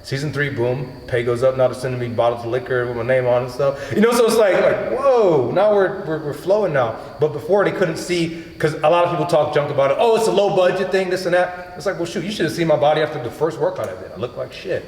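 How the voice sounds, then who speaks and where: A man hosting a podcast, telling stories in a casual, animated way, acting out quotes and swearing freely. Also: fairly high pitch, quick pace, few pauses. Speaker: podcast host. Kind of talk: casual chat. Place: home gym. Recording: echoey room with long reverb.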